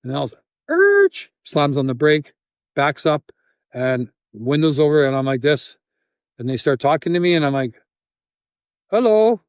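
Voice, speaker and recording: A Canadian man telling a story in an interview, acting out scenes with sound effects and halting restarts. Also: a little high, dry recording, clean studio sound. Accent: Canadian English. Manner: animated, acts out scenes with sound effects and quoted voices. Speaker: interview guest, volunteer.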